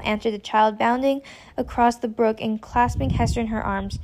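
A woman reading a classic novel aloud in a measured, expressive way, with an occasional stumble. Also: fairly high pitch. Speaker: audiobook reader.

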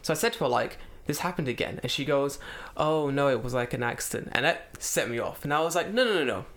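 A man's voice: medium pitch, fast talker. A man telling a story in casual, profane chat, acting out the other people as he retells it. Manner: animated, profane, acts out voices in retelling. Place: lives in Japan.

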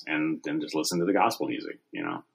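A man co-hosting a podcast, talking in a deadpan, rambling way with many fillers. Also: rumbling low, quick pace, gravelly. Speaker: podcast co-host. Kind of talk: casual comedic chat.

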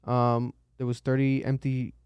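A man hosting a podcast, talking through the news casually, animated and swearing, jumping up high when he quotes people. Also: measured pace, clear, resonant tone, no room sound, lo-fi sound. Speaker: podcast host.

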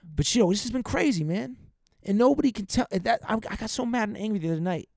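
A young man hosting a podcast, venting in a rambling, profane, casual monologue and giving shout-outs to listeners. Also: sits high, expressive, fast, gravelly, dry recording, clean studio sound. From United States. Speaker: podcast host.

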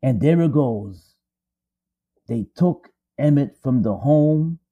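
A man's voice: mid-range voice, animated, takes it slowly. A man dramatically retelling a story, emphatic and repetitive, building suspense. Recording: dull lo-fi audio.

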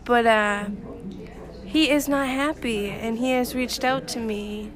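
Woman guest, higher voice, open and animated personal storytelling over crowd noise. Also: slow. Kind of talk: casual chat.

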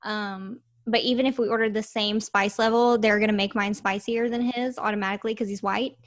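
A woman's voice: mid-range voice, steady tone, brisk, no echo, studio quality. A young woman, a podcast guest, chatting casually with friendly laughter and small stammers. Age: young adult. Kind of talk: casual chat.

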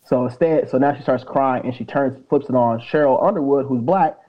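A man's voice: medium pitch, brisk, lo-fi sound. Man retelling gossip with acted quotes. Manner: animated retelling, acting out quotes. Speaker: podcast co-host. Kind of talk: casual chat.

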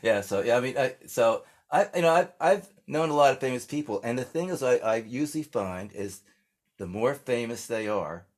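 A man's voice: mid-range voice, lively intonation, moderate pace. An older American man, a singer-songwriter, chatting casually in an interview and telling rambling stories with lots of restarts. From United States. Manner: rambling storyteller, many restarts and fillers.

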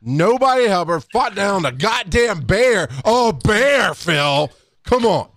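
A man's voice: high-pitched, big pitch swings, a bit bright, dry recording, clean studio sound. A man in a heated casual debate, cursing hard and stressing his words. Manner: profane, emphatic, drawn-out delivery.

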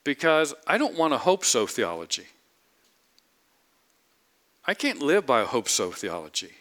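A man's voice: mid-range voice, huge pitch swings, moderate pace, fairly bright tone. Emphatic man preaching a sermon. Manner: emphatic, repeats phrases, asks rhetorical questions. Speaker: pastor.

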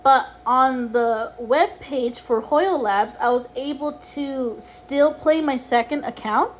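High-voiced woman rambling about games. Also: slow pace, a little hiss or hum. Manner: rambling, swears freely, exasperated asides. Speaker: podcast host. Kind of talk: casual solo podcast chat about games.

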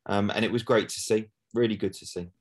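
A man's voice: on the low side, steady tone, fast, slightly rough. A middle-aged man, a former footballer, chatting casually as a guest and often asking "do you know what I mean". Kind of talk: casual interview chat.

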